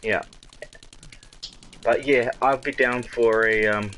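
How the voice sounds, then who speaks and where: A man's voice: mid-range voice, steady tone, slow pace, sharp tone, low-quality recording. A man with a New Zealand accent in casual online game chat, laid-back and chuckling, swearing now and then. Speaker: gamer chatting in an online party.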